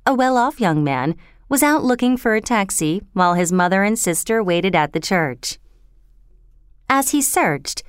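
Woman storybook narrator, crisp and dry, lively pitch. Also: no room sound. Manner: measured, expressive reading.

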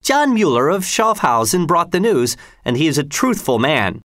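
A man doing an excited village priest. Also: fairly high pitch, normal speed, no echo, studio quality, pitched above the performer's own voice. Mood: urgent. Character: excited middle-aged male village priest.

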